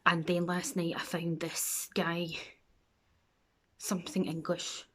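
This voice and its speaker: A woman's voice: fairly low pitch, little pitch movement, slow pace. A woman with a Scottish accent chatting and rambling through a makeup tutorial for her vlog, often dropping into a near whisper. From Scotland. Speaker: makeup vlogger.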